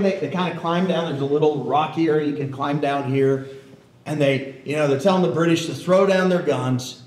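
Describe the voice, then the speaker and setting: A man, a historian, tells an animated story to an audience and keeps checking in with them. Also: on the high side. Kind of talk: storytelling lecture. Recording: roomy hall echo.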